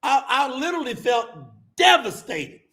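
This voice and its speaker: A man preaching with fire to a live audience, emphatic and colloquial, calling out to the crowd as y'all and bursting into shouts. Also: very high voice, lively intonation, moderate pace. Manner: colloquial, addresses listeners as y'all. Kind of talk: fiery sermon to a live audience.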